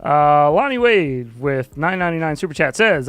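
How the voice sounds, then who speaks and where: A man's voice: on the high side, very animated, normal speed, hardly any pauses, a bit bright, clear, resonant tone, no echo. A man hosting a casual livestream, chatting loosely and swearing casually between reactions. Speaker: livestream host.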